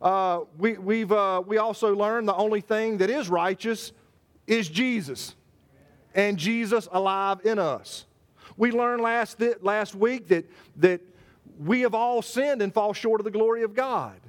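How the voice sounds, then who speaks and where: A man preaching a sermon, stressing his words, repeating phrases and slowing down on scripture. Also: high-pitched. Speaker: pastor. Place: church service.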